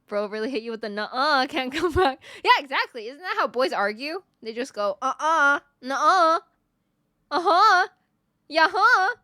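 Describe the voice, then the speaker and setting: Reading viewer messages in a casual stream chat, a young woman VTuber sounds playful and giggly. She speaks a little fast with few pauses, her high, slightly bright voice full of lively intonation, on a dry, studio-quality recording.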